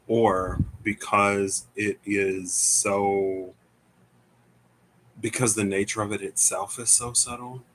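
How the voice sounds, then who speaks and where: The audio is poor, with a little hiss or hum, as a young man from the American Midwest gives a laid-back tarot reading. His voice is lowish and sharp in tone, and he muses aloud hesitantly, drifting and often reaching for words.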